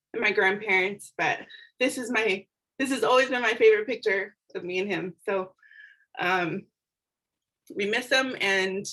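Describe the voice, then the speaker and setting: A woman speaking as a niece at a tribute on a video call, hesitant with many pauses and fillers. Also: medium pitch, fairly bright tone, rough recording. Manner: hesitant, many ums, light laughs.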